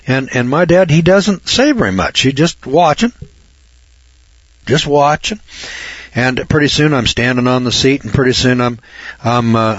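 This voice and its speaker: A man's voice: medium pitch, fairly bright tone, dry recording. An older man from Northern California, a reporter, telling a folksy personal story and repeating words for emphasis. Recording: dull lo-fi recording.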